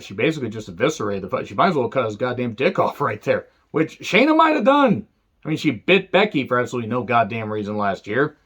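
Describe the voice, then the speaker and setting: This is a man's wrestling show review delivered as a laid-back, foul-mouthed rant, with deadpan sarcasm and occasional sudden sharp bursts. He has a medium-pitched voice.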